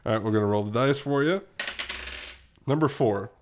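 A man's voice: mid-range voice, normal speed, background noise. A man running a casual improvised game as game master, chatty and laughing often.

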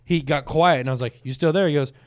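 Profane, animated young man telling stories. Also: a little high, fast. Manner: profane, animated storyteller doing quoted voices. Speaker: podcast co-host. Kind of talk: crude casual banter.

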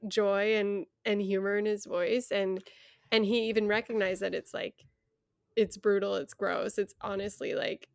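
A woman's voice: medium pitch, flat delivery, measured pace, vocal fry, clean tone, no room sound, studio quality. A young adult woman co-hosting a podcast, talking frankly and earnestly with frequent laughs. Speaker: podcast co-host. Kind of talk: casual chat.

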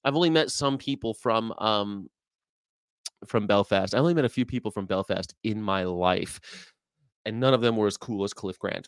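An American man doing casual live-stream commentary, animated and jokey, putting on voices and laughing often. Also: on the low side, moderate pace, clear, resonant tone, dry recording, clean studio sound. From United States. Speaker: streamer reacting to a video.

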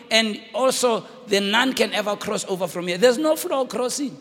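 A man with a South African accent preaching a sermon, shouting and dramatic, switching between languages. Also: high voice, animated, normal speed, hardly any pauses. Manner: fiery, shouting, code-switching, theatrical. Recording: reverberant hall with faint noise.

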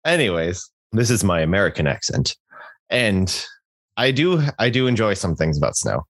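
A man's voice: low voice, sing-song, moderate pace, a bit bright, dry recording. A man co-hosting a podcast, chatting casually and joking in an easygoing way. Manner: joking, easygoing, lots of restarts. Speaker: podcast co-host. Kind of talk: casual chat.

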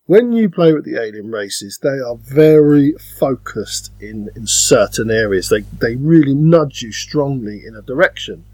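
A man's voice: a little high, a little mellow, no echo. A British man co-hosting a podcast, chatting casually about board games and telling stories with playful put-on voices. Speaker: podcast co-host.

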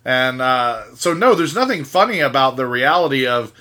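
Wry wordy podcast man, bright voice. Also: medium pitch, expressive, moderate pace. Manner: wordy, wry, addresses listeners. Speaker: podcast co-host. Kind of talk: casual podcast chat.

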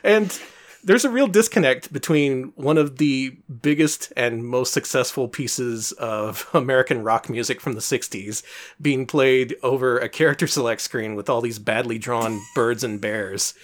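A man's voice: medium pitch, measured pace. Wry, chatty man on a podcast. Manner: chatty, wry, laughs often while explaining. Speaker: podcast co-host. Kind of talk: casual podcast chat about retro games.

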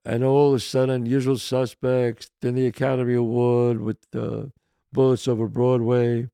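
A man, hosting a podcast and telling a casual, animated anecdote that shifts into quoted voices. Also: mid-range voice, normal speed, gravelly, clean tone, no room sound, clean studio sound. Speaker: podcast host. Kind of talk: casual storytelling.

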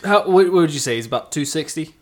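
A man's voice: a little high, expressive, fast. A young man co-hosting a podcast, telling a story in a casual, rambling way full of "you know" and "like". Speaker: podcast co-host.

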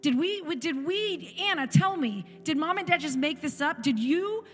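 A woman's voice: high voice, animated, normal speed. Emphatic woman preaching in an echoey church. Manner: emphatic, repeating phrases for effect. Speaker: guest speaker in a church service. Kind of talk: sermon testimony. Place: church sanctuary. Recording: echoey church hall with music.

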